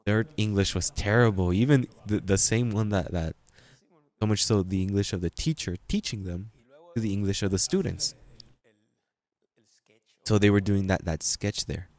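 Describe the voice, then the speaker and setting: Lively, laughing preacher man, lowish voice. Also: normal speed. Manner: lively, laughing anecdotes with frequent restarts. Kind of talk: storytelling sermon.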